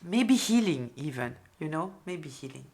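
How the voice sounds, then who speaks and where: A woman leads a collective tarot reading in a slightly low voice. She moves at a very slow pace, full of pauses, fillers and repeated words. She sounds deeply moved throughout. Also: very animated, darkish tone. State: moved, emotional. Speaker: tarot reader.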